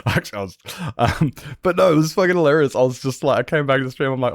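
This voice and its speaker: A man's voice: mid-range voice, animated, fast talker, no room sound, studio quality. A man rambling casually on a game stream from his bedroom, restarting sentences and swearing freely. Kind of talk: casual stream chat while gaming.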